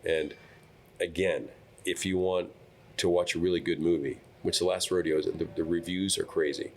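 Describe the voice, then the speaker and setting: Deep low voice american guy, laid back storyteller, faint room hum. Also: moderate pace. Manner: relaxed, playful storyteller. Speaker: guest actor. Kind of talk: casual podcast chat.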